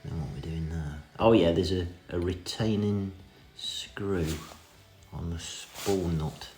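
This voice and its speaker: A man's voice: low-pitched, fairly even intonation, slow pace, darkish tone. A man giving a cheeky, self-mocking running commentary in a casual hands-on repair tutorial. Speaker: vintage reel restorer. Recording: echoey room with music behind.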